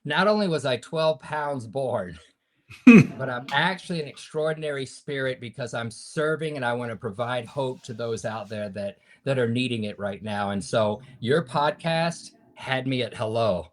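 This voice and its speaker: A man in his fifties appears as a podcast guest, earnestly recounting a personal story in a preacher-like style that moves between loud and hushed. His voice is mid-range and his pace moderate.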